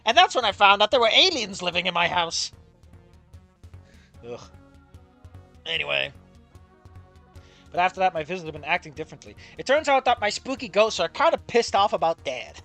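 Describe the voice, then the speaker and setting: A sarcastic game commentator with a bright, sharp voice that swings widely in pitch while ridiculing a visual novel. Faint game music plays behind the talk. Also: very animated, moderate pace, creaky, pauses often. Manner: sarcastic, exasperated, laughs at the writing. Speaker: let's play commentator.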